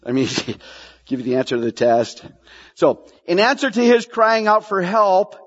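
A man preaching a sermon, repeating key phrases and asking the congregation questions. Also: very high-pitched. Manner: animated preaching, repeats lines for emphasis, asks the congregation questions. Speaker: pastor. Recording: dull sound, long hall reverb.

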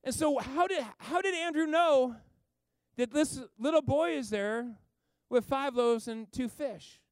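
A man preaching a sermon, telling a story with lively asides and acting out the people in it. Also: very high-pitched, a little slow, smooth, no room sound. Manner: animated storytelling, acts out characters, rambling asides. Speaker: pastor.

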